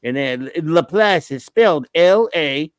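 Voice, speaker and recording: A man's voice: on the high side, lively intonation, a little slow, clear, resonant tone, dry recording. A man from Louisiana, hosting a casual livestream chat and breaking into a Cajun impression. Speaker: host.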